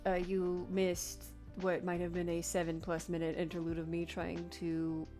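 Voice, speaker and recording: A woman's voice: on the low side, monotone, normal speed, dark tone, soft background music. A young woman chatting and rambling while she knits on a live stream, laughing often and still getting over an illness. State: recovering from being sick. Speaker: knitting streamer. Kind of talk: casual chat while knitting on a live stream.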